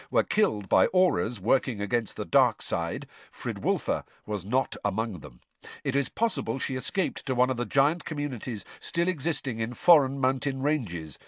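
Expressive male audiobook narrator. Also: medium pitch, no room sound.

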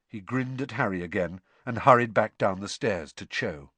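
Man narrating a story with lively pitch. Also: no echo. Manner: measured storytelling. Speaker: audiobook narrator. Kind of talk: scripted narration.

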